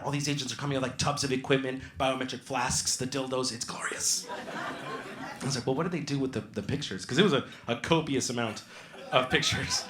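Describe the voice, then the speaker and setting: On a comedy club stage, a man tells stand-up stories into a handheld mic, animated and acting out other people's voices. His pitch is fairly high, and the room is echoey.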